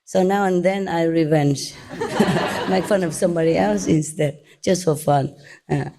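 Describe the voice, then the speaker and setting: A woman's voice: lowish voice, a little slow, a crowd in the background. A woman from southern Vietnam with a Vietnamese accent, giving an informal, chatty lecture to followers and checking in with "okay?" and "yeah?". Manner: chatty and teasing, tags questions like okay and yeah. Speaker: spiritual teacher.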